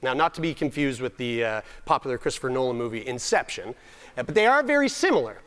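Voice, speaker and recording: At a summit, a young Nova Scotian man tells humorous stories about himself, full of self-deprecation, comic timing and repeated restarts. His medium-pitched voice is fairly bright and clean, and he talks fast and with great animation.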